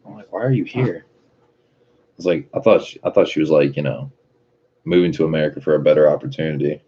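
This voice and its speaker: A man's voice: very deep voice, steady tone, fast talker, husky. A man reading out viewer chat and chatting casually, with a laid-back, profane manner and frequent laughs. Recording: muffled lo-fi recording.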